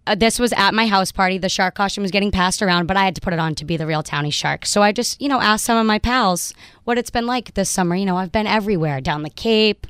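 A woman's voice: medium pitch, fast, fairly bright tone, clean tone, no echo, clean studio sound. A young woman co-hosting a radio show, telling a story in casual banter. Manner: chatty, storytelling. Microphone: studio mic.

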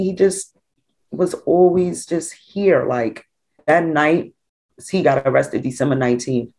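A woman's voice: low voice, measured pace, gravelly. A woman, a mother talking through family memories in an interview, casual and full of "like". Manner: conversational, full of "like", lively when quoting others. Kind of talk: personal storytelling in an interview.

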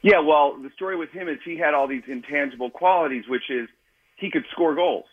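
A husky man from the Chicago area tells candid, self-mocking stories as a radio interview guest. His voice comes through slightly dulled broadcast audio. He plays out the voices of the people he quotes. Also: fairly high pitch, brisk, narrow, tinny audio. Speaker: author and guest.

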